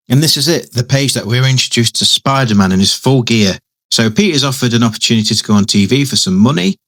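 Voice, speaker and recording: Chatty man, low voice. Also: a bit bright. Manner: chatty, tag questions, frequent restarts. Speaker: comic book reviewer. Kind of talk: casual panel-by-panel commentary.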